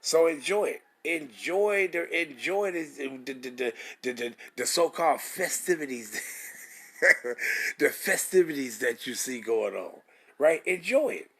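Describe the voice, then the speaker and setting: A man's voice: fairly high pitch, a bit bright. A man, preaching scripture in an emphatic, repetitive style, with rhetorical questions and swearing. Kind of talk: street-style scripture teaching.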